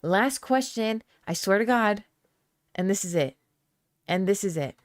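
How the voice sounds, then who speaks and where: A woman hosting a live-stream podcast, chatting loosely with viewers and reading their comments aloud. Her voice is smooth and clear, and it sounds close and dry with almost no room echo. She talks in a playful, rambling way with lots of fillers. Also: medium pitch, animated, measured pace. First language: Aramaic. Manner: chatty, reads chat comments aloud, laughs often. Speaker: podcast host. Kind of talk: casual live-stream chat.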